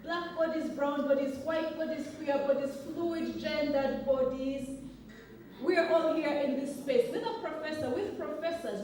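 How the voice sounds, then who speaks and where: A woman's voice: sits high, darkish tone, slight background noise. Young woman from Uganda, an academic giving a fiery speech. Recorded from far off in a big echoey hall. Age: young adult. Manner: rhetorical, emphatic, with frequent "okay?" asides. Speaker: academic speaker. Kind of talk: impassioned public speech.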